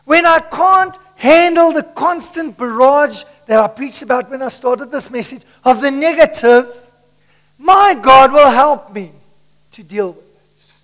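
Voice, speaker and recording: A male pastor preaching a sermon to his church, swinging between shouts and hushed asides, his voice strained from shouting. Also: very high voice, lively intonation, measured pace, in a large hall. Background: congregation.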